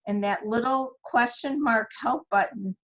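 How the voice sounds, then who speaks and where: A woman's voice: fairly high pitch, unhurried, a bit bright, low-quality recording. A woman on a video call, sharing a candid, slightly self-deprecating comment. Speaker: team member.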